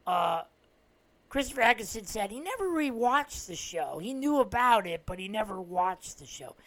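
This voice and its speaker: A man's voice: sits high, sing-song, moderate pace, fairly bright tone. A man from New Jersey with a New Jersey accent, hosting a solo podcast and retelling stories in a rambling way, with many "uh" fillers and restarts. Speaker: podcast host. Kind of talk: casual solo podcast monologue.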